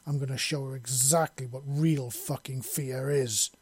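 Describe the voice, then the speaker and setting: A man voicing an enraged young woman who shouts and snarls threats in a fantasy audiobook. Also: medium pitch, steady tone, unhurried, slightly rough. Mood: furious.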